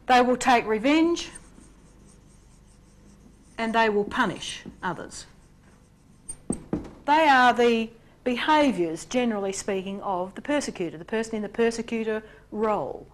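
A woman presenting a relationships workshop in an animated way, acting out examples in character voices. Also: on the high side, a little slow, pauses often. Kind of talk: lecture on relationships.

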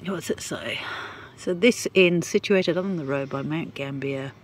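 A co-host narrating the intro and reading a plaque aloud in a plain, measured way. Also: medium pitch, a little hiss or hum.

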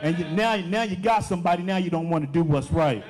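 Young male deacon delivering a sermon; slightly high voice, drives points home by repeating them. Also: fast talker, a little mellow, soft background music. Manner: emphatic preaching with repeated phrases.

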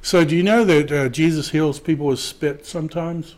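A man teaching a Greek class, slowly reading Greek aloud and then translating it. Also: on the high side, a little mellow. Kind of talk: classroom lecture.

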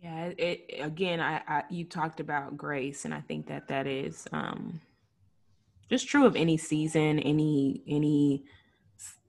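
A woman's voice: low voice, fairly even intonation, unhurried, vocal fry, darkish tone. A woman in her thirties, a mother, hosting a podcast and speaking in a conversational, slightly hesitant way. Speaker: podcast host.

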